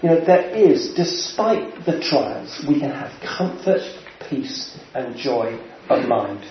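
A man preaching a sermon in an unhurried way, pausing often and clearing his throat between phrases. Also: mid-range voice, expressive. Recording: very echoey, dull church sound with faint hiss.

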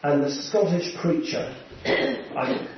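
Preacher guy, slightly high voice, slow w lots of pauses n throat clearing, booming echo, kinda muffled. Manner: unhurried, pausing, often clears throat. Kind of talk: sermon. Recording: very echoey, dull church sound with faint hiss.

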